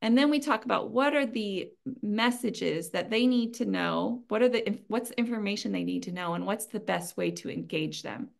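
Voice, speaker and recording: Creaky-voiced woman giving practical advice. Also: mid-range voice, animated, normal speed. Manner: earnest, advising, frequent ums and light laughs. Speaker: webinar presenter. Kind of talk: conversational training talk.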